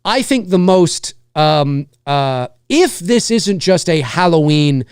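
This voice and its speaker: A man's voice: fairly high pitch, takes it slowly, clear, resonant tone, dry recording. A male host rants in a loose, profanity-laced way, circling back and restarting his thoughts. His voice swings widely up and down as he talks. The sound is dry and close to the mic. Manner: animated, swearing, rambling with restarts. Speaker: live show host. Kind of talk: casual profanity-laced rant.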